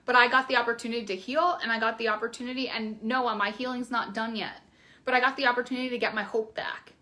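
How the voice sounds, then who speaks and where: A woman's voice: a little high, fairly even intonation, fast talker, bright, forceful tone. A young woman coach talking frankly and casually to her viewers, with many fillers. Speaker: keto coach. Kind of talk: casual promotional video talk.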